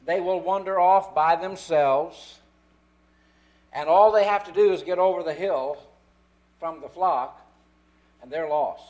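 A man preaching a sermon, stressing key words slowly. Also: fairly high pitch, darkish tone.

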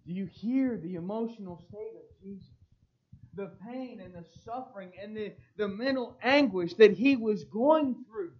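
A man's voice: sits high, moderate pace. A male pastor preaching a sermon, reading scripture in old-style wording with emphatic, swelling stress. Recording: dull lo-fi recording.

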